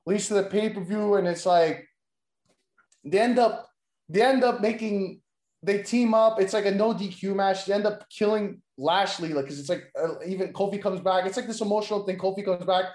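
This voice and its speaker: A man in a casual chat, pitching wrestling storylines in a rambling way, with constant fillers and free swearing. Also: moderate pace, darkish tone. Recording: roomy echo.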